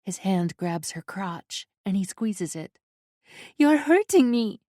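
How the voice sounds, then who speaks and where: A woman narrator voicing a defiant young woman who speaks softly and reassuringly to a friend. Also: fairly low pitch, fairly even intonation, slow pace, no room sound, studio quality. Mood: frightened. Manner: soft and reassuring, then frightened and forceful.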